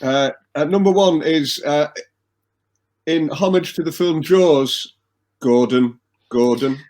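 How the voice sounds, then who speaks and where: A man with a somewhat high voice rambles whimsically while playing a board game over a video call. He talks in loose, chuckling asides, stringing thoughts together with "uh". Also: takes it slowly, a little mellow, low-quality recording. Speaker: game player. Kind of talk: casual banter on a streamed game.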